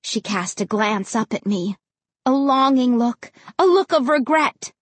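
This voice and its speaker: A woman reads a creepy tale with theatrical flair. Her voice sits high and slightly breathy, leaping up and down in pitch as the tension rises. The sound is close and dry. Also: animated, a little slow, no echo. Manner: dramatic, voices characters with big pitch jumps. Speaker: audiobook narrator. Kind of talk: expressive audiobook narration.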